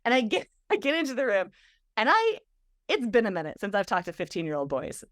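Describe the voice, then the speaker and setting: A woman guest telling a story in conversation, animated and full of filler words. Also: mid-range voice, a little fast, no echo, studio quality. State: emotional, near tears. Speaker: guest, stress physiologist and speaker.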